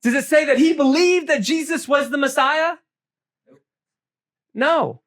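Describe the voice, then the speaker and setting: A man leading a Bible study group, animated and joking, asking the room questions. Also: very high-pitched, a little slow.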